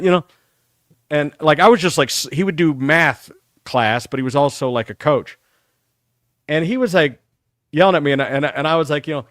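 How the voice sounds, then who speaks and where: A middle-aged man hosting a talk show, telling rambling, profane stories about his school days in a casual, animated way. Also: fairly high pitch, brisk, no room sound, clean studio sound. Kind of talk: casual storytelling.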